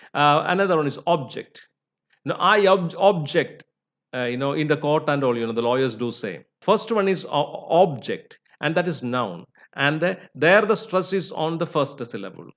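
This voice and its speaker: A man's voice: on the high side, a bit bright. A man teaching English phonetics, with many "you know" and "uh" fillers. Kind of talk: lecture. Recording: slightly dull recording.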